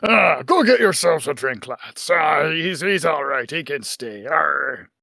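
Gruff boastful pirate captain, a man doing it, gravelly, slow drawl, lively growl, dry close sound. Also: on the high side, no echo, heavily acted. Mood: amused. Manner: growling pirate talk, "arr" and "me".

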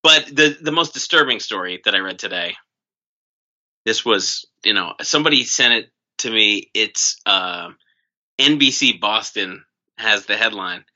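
A very bright, piercing voice with a sarcastic, blunt edge, from a co-host raised in New Jersey. The talk is loose and profane, and the recording sounds a little dull and lo-fi. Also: medium pitch, unhurried. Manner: sarcastic, blunt, swears freely. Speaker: podcast co-host. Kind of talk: casual comedy podcast chat.

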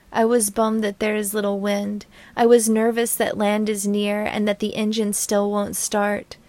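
A woman's voice: mid-range voice, no echo. A woman reading her own sailing memoir aloud in a dreamy, poetic manner. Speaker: narrator.

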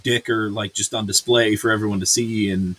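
Ranting husky-voiced man. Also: on the low side, steady tone, brisk, a bit bright. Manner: profane and ranting, many fillers and restarts. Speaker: podcast host reviewing a series. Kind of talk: casual review chat.

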